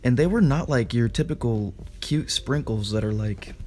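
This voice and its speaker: A young man co-hosting a podcast, telling a story in a casual, animated way with quick asides, laughs and swearing. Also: medium pitch, slight background noise. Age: young adult. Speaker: podcast co-host.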